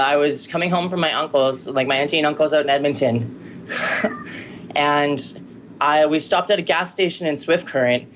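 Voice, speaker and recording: A man from Canada, a podcast guest, telling a story excitedly on a video call, with many fillers and frequent laughter. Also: on the high side, a little hiss or hum.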